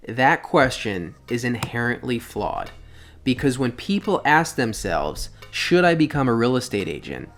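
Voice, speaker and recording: Blunt, emphatic man giving career advice. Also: mid-range voice. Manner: blunt, emphatic, lecturing with rhetorical questions. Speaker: real estate team leader. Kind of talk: direct-to-camera advice talk.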